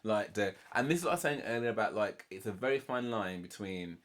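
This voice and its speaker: Chatty British man, slightly low voice. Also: expressive, fast talker, a bit bright. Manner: chatty, heavy on "like" and "you know", acts out quotes from the show. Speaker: reaction channel host. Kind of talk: casual TV recap commentary.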